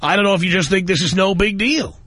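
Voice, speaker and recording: A man's voice: high-pitched, quick pace, a bit bright, no room sound. A man hosting a talk radio show, ranting in an angry, emphatic way from a studio microphone.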